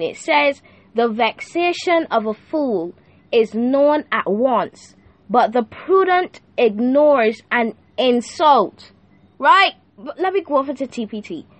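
Lively young woman giving a casual devotional. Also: high-pitched, slow pace, no room sound. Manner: animated, laughing, asks the listener "right?" often; slangy and playful. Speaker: youth podcast host.

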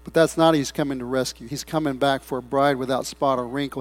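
A middle-aged man preaching a sermon in a church, breaking into loud swells and rambling asides. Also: mid-range voice, steady tone, quick pace, few pauses. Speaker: pastor. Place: church sanctuary.

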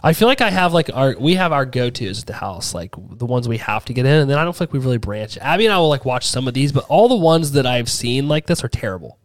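A man's voice: mid-range voice, sing-song, quick pace, hardly any pauses, dry recording. A man co-hosting a podcast in casual chat, laid-back and saying dude a lot. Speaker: podcast co-host.

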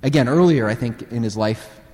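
A man preaching a sermon in an animated way, acting out dialogue and putting questions to the audience. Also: mid-range voice, moderate pace, in a large hall.

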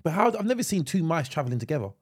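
A British man in his thirties talks loosely on a podcast, his pitch swinging up and down as he gets worked up. He swears casually and stumbles, repeating words as he finds his point. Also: big pitch swings, racing, darkish tone, slightly rough. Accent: British English. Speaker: podcast co-host. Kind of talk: casual chat.

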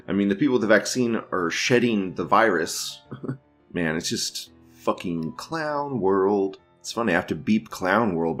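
A podcast host reacts to videos with crude, profane, offhand commentary, laughing often. His voice is low with a fairly bright tone.

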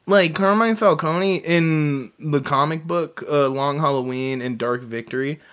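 A man's voice: on the high side, unhurried, a bit bright, smooth. A man co-hosting a casual movie podcast, breaking into laughter often and swearing freely. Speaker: podcast co-host.

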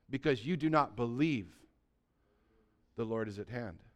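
Lively pastor preaching to his church. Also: a little high, normal speed. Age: 60s. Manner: animated, shifts between loud emphasis and hushed quiet; conversational, asks the congregation rhetorical questions. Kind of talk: sermon.

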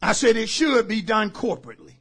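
A man preaching a sermon as pastor, shouting out lines and calling for responses from the congregation. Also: high voice, expressive, fairly quick, slightly rough.

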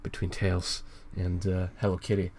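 A man's voice: sits low, completely flat delivery, moderate pace, darkish tone, husky. A man co-hosting a casual comedy podcast, reading a fan comic aloud in a rambling, giggly way and swearing freely.

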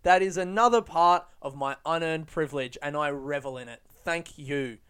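Podcast host, male, slightly high voice, smooth and clear, rambling and self-deprecating with lots of swearing. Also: normal speed, a bit bright. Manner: rambling, profane, self-mocking. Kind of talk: casual solo podcast monologue. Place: London, UK.

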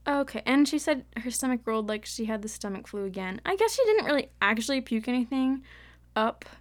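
A woman's voice: a little high, animated, fairly quick. A young woman co-hosting a casual book-club podcast, chatty and giggly, reading passages aloud. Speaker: podcast co-host.

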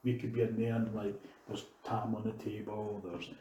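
A Scottish man tells ghost stories in a relaxed, chatty way and acts out the voices of the people in them. His voice is dark and mellow. The sound bounces around an echoey room in an old house. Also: on the low side, normal speed, slight background noise. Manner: animated, acts out dialogue. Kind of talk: casual storytelling. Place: large old house indoors.

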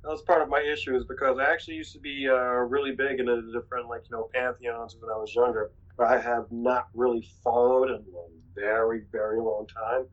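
A man's voice: medium pitch, level tone, a little fast, few pauses. A man from North Carolina chatting casually, rambling with hesitant fillers. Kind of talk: casual chat. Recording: dull lo-fi sound.

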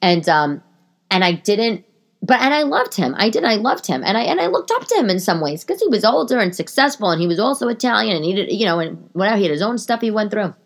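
A woman's voice: medium pitch, sing-song, fast talker. A woman in her thirties hosting a podcast, talking in a casual, rambling way with many restarts and asides. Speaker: podcast host. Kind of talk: casual monologue. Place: living room.

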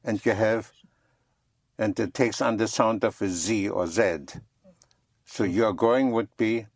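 Patient language teacher, slow, husky, spells words out, dry close sound. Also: mid-range voice, no room sound. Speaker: French teacher. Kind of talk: slow one-on-one language lesson.

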